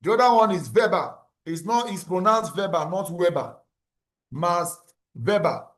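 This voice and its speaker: A man lecturing a class, his voice sitting high for a man. He works through ideas step by step, repeating terms and asking if the students are following. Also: big pitch swings, normal speed, fairly bright tone. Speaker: university lecturer.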